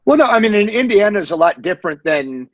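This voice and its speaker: A man hosting a podcast, asking a guest questions in a relaxed conversational way. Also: high-pitched, fast talker. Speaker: podcast host. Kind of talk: casual interview questions. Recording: dry, muffled lo-fi podcast audio.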